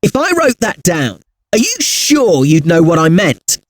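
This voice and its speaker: Friendly tutor, upbeat, chatty, animated pitch, dead-dry recording. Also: male voice, unhurried, no room sound, full character voice. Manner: upbeat, chatty, addressing the user directly. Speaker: punctuation tutor host. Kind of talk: scripted educational software presenting.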